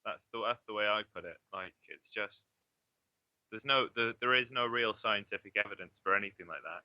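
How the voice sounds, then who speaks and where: A man's voice: on the low side, brisk, no room sound. A young man from southeast England in his twenties, a guest chatting casually, swearing freely and laughing often. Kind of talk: casual online chat. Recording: dull lo-fi audio.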